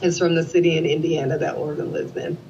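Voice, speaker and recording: Talking fast in a deep voice, this interview guest, a woman in her forties, recounts an emotional family story, animatedly voicing the quoted dialogue of those involved. There's a little hiss or hum on the slightly dull lo-fi recording.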